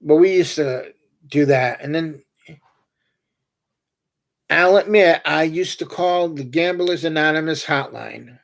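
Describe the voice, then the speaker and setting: A man's voice: on the high side, takes it slowly, creaky, pauses often. A man hosting a livestream, chatting casually and telling meandering, joking anecdotes. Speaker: livestream host. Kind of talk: casual rambling chat.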